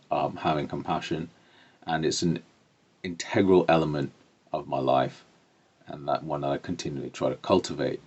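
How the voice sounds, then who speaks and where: Very deep-voiced man telling a story. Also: breathy edge. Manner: lively, expressive storytelling with loud swells. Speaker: business coach. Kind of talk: personal storytelling to camera. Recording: dull lo-fi recording.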